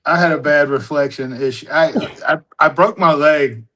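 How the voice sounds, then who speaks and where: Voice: mid-range voice, moderate pace, sharp tone, rough recording. A host in casual chat, telling a story in a laid-back way and swearing freely.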